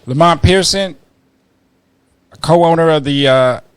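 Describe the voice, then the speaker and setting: A man's voice: fairly high pitch, slow pace, clean tone, no room sound. A man hosting a podcast, chatting casually with an upbeat manner and frequent laughter. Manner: upbeat, laughs often, lively delivery. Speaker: podcast host. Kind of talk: casual chat. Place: cigar lounge.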